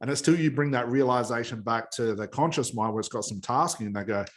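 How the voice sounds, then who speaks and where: A man hosting a relaxed interview, a hypnosis trainer who keeps his guest talking. He chimes in with frequent quick agreement and adds brief explanations of his own. His voice is of ordinary middle pitch. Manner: encouraging interviewer, frequent short affirmations. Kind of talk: casual interview.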